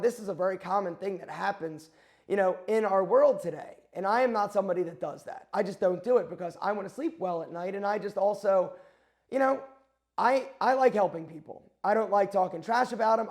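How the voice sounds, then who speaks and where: Male vlogger with a high voice, rambling and candid, quoting back and forth. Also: darkish tone. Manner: rambling, self-correcting, quotes himself and others. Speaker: channel host. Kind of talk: candid storytelling to camera.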